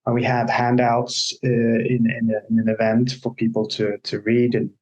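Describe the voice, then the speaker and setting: A man's voice: medium pitch, monotone, normal speed, a little mellow, muffled recording. A man co-hosting a casual discussion on coaching. He explains ideas by walking through examples and anecdotes. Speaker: agile coach, podcast co-host.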